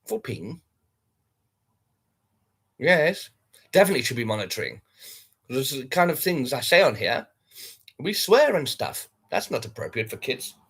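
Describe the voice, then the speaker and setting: A man's voice: mid-range voice, very animated, moderate pace, pauses often, fairly bright tone, slightly rough. A man hosting a livestream, chatting casually and talking straight to his viewers. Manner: chatty, addresses viewers directly. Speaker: livestream host.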